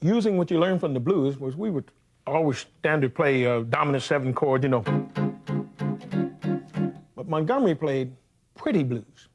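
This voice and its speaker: An older man teaching jazz guitar in a relaxed, anecdotal way, scatting the melodies as he plays. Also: a little high, normal speed, long pauses. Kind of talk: demonstrating at the guitar, talking between phrases. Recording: loud guitar under the voice.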